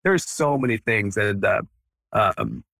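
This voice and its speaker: A man in his thirties, a dentist and practice owner, chatting as a guest on a podcast in an energetic, animated way. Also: fairly low pitch, slow pace, creaky, no echo. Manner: energetic, animated, acts out quotes. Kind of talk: casual podcast interview.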